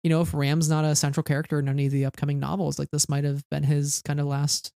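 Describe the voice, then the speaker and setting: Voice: medium pitch, completely flat delivery, fast talker, vocal fry, dark tone, clear, resonant tone, no room sound, clean studio sound. A podcast co-host in a casual book discussion, rambling with constant "like" and restarts. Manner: rambling, heavy use of "like" and restarts.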